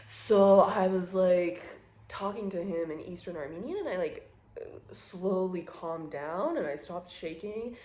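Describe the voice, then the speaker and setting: A woman's voice: on the low side, animated, a little slow, warm tone. Chatty woman in her thirties, roomy echo. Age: 30s. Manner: chatty, emotional, heavy use of "like". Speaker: vlogger. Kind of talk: casual storytelling to camera.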